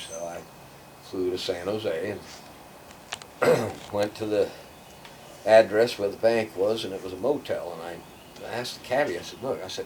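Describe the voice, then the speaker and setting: Speaking at normal speed in a lowish, somewhat mellow voice, this older guest storyteller wanders through casual anecdotes, voicing the people in them and nearly whispering his asides. The mic is far away, picking up noticeable background noise.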